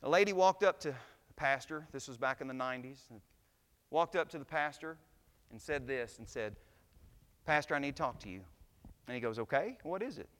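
A man's voice: medium pitch, lively intonation, brisk, pauses often. Man preaching in a church hall. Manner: preaching, swells to shouts at climaxes. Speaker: pastor. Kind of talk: sermon. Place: church sanctuary.

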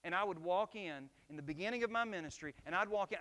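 A man's voice: high-pitched, lively intonation, quick pace, few pauses, a bit bright. A middle-aged man preaching a sermon as pastor, emphatic and asking the congregation rhetorical questions.

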